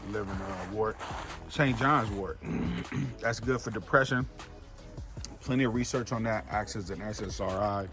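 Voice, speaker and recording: Relaxed low-voiced man touring his garden. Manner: relaxed, chatty, addresses viewers as y'all, many fillers. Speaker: home gardener giving a garden tour. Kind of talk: casual walk-through narration. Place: outdoors in a home garden. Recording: music playing clearly behind the voice.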